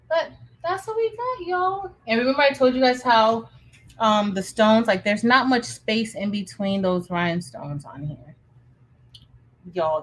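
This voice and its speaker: A woman's voice: medium pitch, low-quality recording. A woman chats through a casual craft livestream from her home craft room. She speaks enthusiastically, with many fillers and restarts, and calls her viewers y'all.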